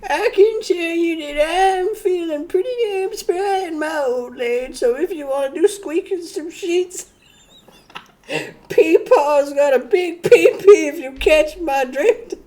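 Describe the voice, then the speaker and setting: A woman voicing a lecherous, leering old grandpa with a shrill, cackling voice, as a comedic bit on a stream. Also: takes it slowly, mellow. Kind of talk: comedic role-play on stream.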